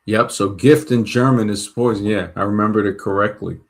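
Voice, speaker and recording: A man's voice: lowish voice, fairly even intonation, brisk, hardly any pauses. A man from Brooklyn, hosting a show and talking casually, rambling and thinking aloud as he checks facts mid-sentence. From Brooklyn, New York. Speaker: show host. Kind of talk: casual monologue.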